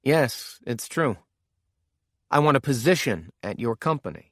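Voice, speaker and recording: A man's voice: mid-range voice, big pitch swings, unhurried, a bit bright, dry recording, clean studio sound. A man voicing a guarded male undercover agent who speaks tersely.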